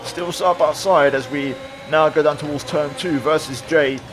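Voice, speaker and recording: A man with a somewhat high voice narrates his sim racing replay at a moderate pace, loud game audio running underneath. He's a sim racing video creator, and his voice-over is easygoing and reflective, packed with fillers.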